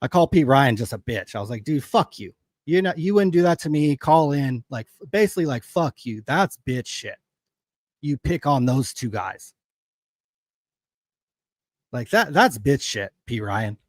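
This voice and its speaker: A man's voice: medium pitch, animated, a little slow, no room sound. A man hosting a livestream, ranting angrily with constant swearing in loose, heated casual commentary. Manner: profane, angry ranting. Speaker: livestream host.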